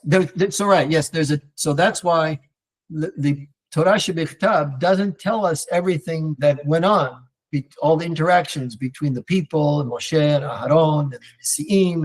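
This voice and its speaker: A man teaching an online Torah class, talking in a lively, digressive way with many restarts and fillers and mixing in Hebrew terms. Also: on the high side, normal speed. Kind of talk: animated live online lecture answering viewer comments.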